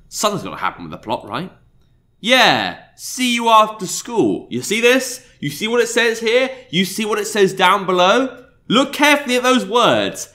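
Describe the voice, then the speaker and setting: A man's voice: sits high, wildly swooping pitch, moderate pace, pushed and bright. A man hosting a visual novel let's play, reading lines aloud and joking between them with frequent laughs. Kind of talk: casual let's play commentary with read-aloud voices. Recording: game music behind the voice.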